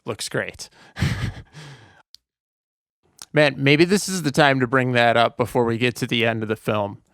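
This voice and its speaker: A man's voice: medium pitch, measured pace, a bit bright, clean tone, dry recording, studio quality. A man co-hosting a podcast, chatting casually about a movie and rambling with lots of "like" and restarts. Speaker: podcast co-host.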